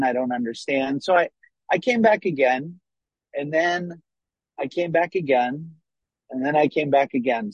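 A man telling his own recovery story in an earnest, halting way, often restarting his sentences. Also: mid-range voice, husky, no room sound. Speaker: person sharing a recovery story. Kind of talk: personal testimony. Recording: dull, dry lo-fi recording.

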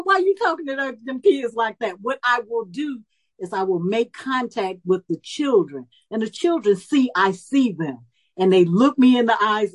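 A woman of about seventy telling a personal story at a recovery meeting, lively and animated, acting out the voices she quotes. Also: medium pitch, poor audio. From Chicago area. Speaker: speaker sharing her story at a recovery meeting.

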